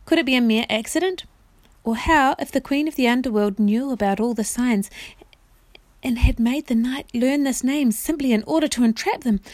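Woman reader, expressive storybook narration, dry close sound. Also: a little high, moderate pace, dry recording. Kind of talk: reading a storybook aloud.

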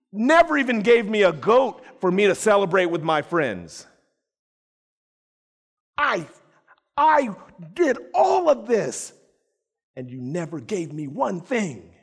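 A man's voice: fairly high pitch, pitched above the performer's own voice, full character voice. A man voicing a resentful elder son who complains bitterly to his father. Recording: echoey hall.

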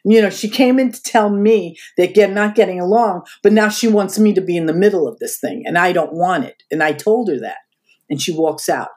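A woman's voice: on the low side, fairly quick. An older woman, a podcast guest, recounting past events in an interview and acting out the voices of people she quotes. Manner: animated, acts out quoted voices. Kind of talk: interview storytelling.

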